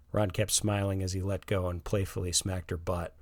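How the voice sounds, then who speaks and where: Low-voiced male story narrator. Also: level tone, moderate pace, few pauses, darkish tone, no echo, clean studio sound.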